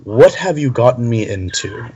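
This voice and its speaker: A man's voice: mid-range voice, expressive, moderate pace, a little mellow, husky, poor audio. A man voicing a stiff, formal and courteous dragon-like warrior in a tabletop game. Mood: wary.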